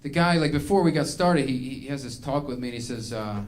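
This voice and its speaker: A man's voice: mid-range voice, lively intonation, fairly quick, hardly any pauses, slight background noise. A man doing a stand-up comedy routine, ranting in an exasperated, self-mocking way.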